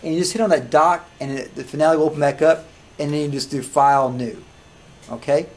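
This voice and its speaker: A man teaching music software to a class, talking casually with many restarts and questions to the students. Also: fairly high pitch, steady tone, fairly quick. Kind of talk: live classroom software demo.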